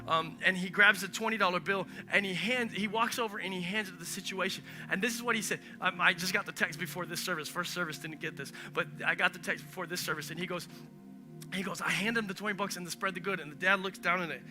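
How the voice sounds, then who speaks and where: A man preaching a lively, conversational sermon in a church and talking straight to the congregation. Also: high voice, fast talker. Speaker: pastor. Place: church sanctuary. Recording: live church stream with music.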